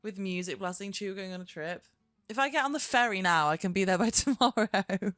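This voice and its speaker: A woman's voice: medium pitch, expressive, a little fast, a bit bright, no room sound, clean studio sound. A young woman, chatting casually and expressively on a live stream, swearing and laughing often. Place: at her desk at home.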